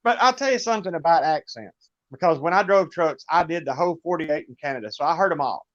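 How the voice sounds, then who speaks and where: A middle-aged Southern US man, a guest musician on a livestream, spins rambling, folksy stories and laughs often in casual chat. His voice is on the high side, animated, fast and fairly bright, and the audio is lo-fi with no room sound.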